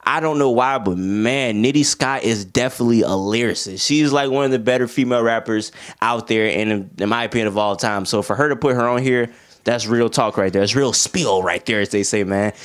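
A young man giving a casual album review, talking in a loose, slangy and excitable way. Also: mid-range voice, fairly quick. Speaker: music reviewer.

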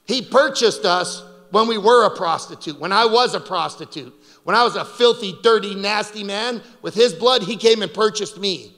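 Man, guest preacher, high voice, loud and joking, long reverb. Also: moderate pace, few pauses. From Canada. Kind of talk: fiery sermon. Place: large conference hall.

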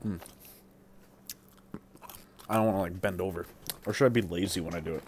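Young man, low voice, casual food review, chewing and humming between rambling comments, faint background noise. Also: brisk, darkish tone. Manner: rambling, lots of fillers and appreciative mm sounds while eating. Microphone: streaming setup mic.

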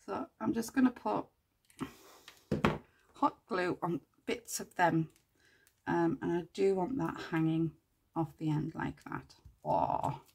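Slow husky gravelly woman crafter. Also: fairly low pitch, darkish tone, slight background noise. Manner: chatty, thinks aloud while working, mutters asides to herself. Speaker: craft channel host. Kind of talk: casual crafting tutorial chat.

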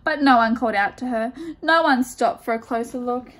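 A woman student teacher reading a picture book aloud to children, expressive and stopping to ask them questions. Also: on the high side, fairly quick, noisy background.

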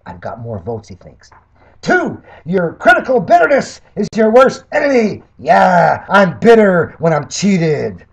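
Older male candidate, high husky voice, mocking and combative rebuttal monologue. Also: huge pitch swings, a little slow. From Canada. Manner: combative, mocking, swinging between loud jabs and low mutters. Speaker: political candidate and commentator. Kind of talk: sarcastic monologue reading and rebutting criticism.

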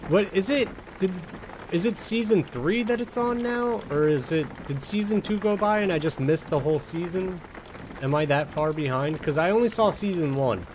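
A man's voice: sits high, normal speed, a crowd in the background, noisy background. A man casually commenting while playing a video game, joking with the characters and answering chat. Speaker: game streamer. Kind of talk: casual let's-play commentary.

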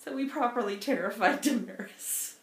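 A woman co-hosting a casual knitting podcast with her daughter, chatty and quick to laugh as she tells stories. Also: on the high side. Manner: chatty, giggly storyteller. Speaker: podcast co-host, mother. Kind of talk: casual chat. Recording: roomy echo.

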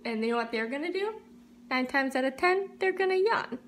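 A woman's voice: high voice, animated, brisk, fairly bright tone, slight background noise. A woman vlogging a playful, rambling monologue in a mock-profound way. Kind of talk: comedic monologue to camera.

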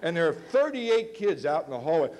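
A man's voice: fairly high pitch, a little fast. A man of about fifty giving a lecture in a university auditorium, telling stories animatedly and acting out the voices in them. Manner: animated, acts out quoted voices. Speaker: guest lecturer. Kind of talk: storytelling lecture.

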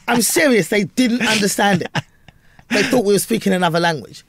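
A woman comedian from London with a Cockney accent, an animated storyteller who acts out voices as an interview guest. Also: medium pitch, quick pace, slightly rough. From London, England. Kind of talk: interview chat.

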